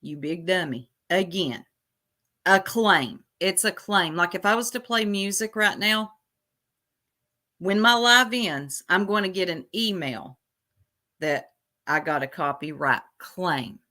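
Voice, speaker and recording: Sassy lady livestreamer, slow unhurried talk, bright edgy voice. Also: fairly low pitch. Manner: sassy, teasing viewers. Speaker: livestream host. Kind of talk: casual livestream commentary.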